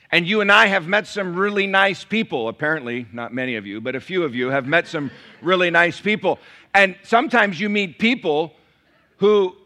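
Man preaching a sermon, bright tone, slightly high voice, hushed then emphatic, asks the audience questions. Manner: swings from hushed scripture reading and prayer to loud emphatic preaching. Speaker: pastor.

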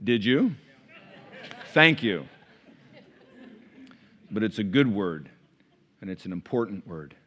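A male pastor preaching a sermon, chatty and informal one moment, rising to impassioned, near-shouted preaching the next. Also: lowish voice, sing-song, slow pace, long pauses, breathy edge, dull audio. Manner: conversational, building to impassioned shouting.

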